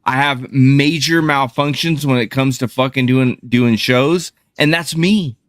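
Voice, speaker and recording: A man's voice: mid-range voice, measured pace, no echo, studio quality. A man hosting a casual group chat, effusive and prone to stuttering.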